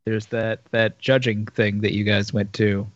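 A man's voice: fairly low pitch, little pitch movement, a little slow, dry recording, highs cut off. A man co-hosting a podcast, joking around in casual chat. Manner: jokey, slips into silly voices. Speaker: podcast co-host.

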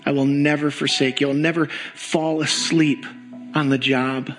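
A man leading a congregation in slow, earnest pastoral prayer during a church service. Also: fairly high pitch, little pitch movement, fairly bright tone, faint music behind, rough recording. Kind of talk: sermon prayer. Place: church sanctuary.

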